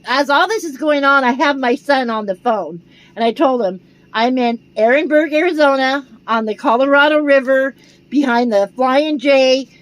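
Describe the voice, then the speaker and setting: An older American woman, a vlogger, telling a rambling, animated story in a casual way. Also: high voice, no echo, rough recording. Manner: rambling, animated, retells dialogue.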